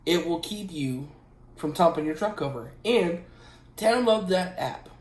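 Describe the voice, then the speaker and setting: A man's voice: fairly high pitch, expressive, a little slow, a little mellow. A man who drives trucks giving casual safety advice at home, emphatic and repeating his points with a frequent "okay?". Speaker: truck driver and channel host. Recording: roomy echo.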